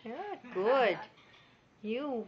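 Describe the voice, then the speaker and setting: A woman at home talking to her pet birds in soft, coaxing questions. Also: on the high side, very slow. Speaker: pet owner. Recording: dull lo-fi home recording with background noise.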